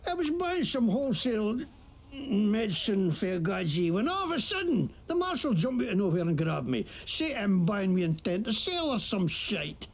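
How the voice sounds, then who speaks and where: A woman's voice: mid-range voice, big pitch swings, moderate pace. A woman voicing a noseless, earless wasteland shop owner who fakes a Scottish accent in a video game, speaking in a swaggering, profane, grumbling way. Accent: put-on Scottish. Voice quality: gravelly, raspy.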